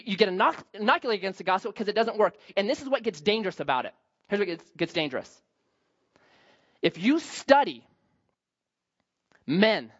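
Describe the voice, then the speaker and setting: A man preaching a sermon, swinging between loud emphasis and quiet, low asides. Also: highs cut off. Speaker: pastor.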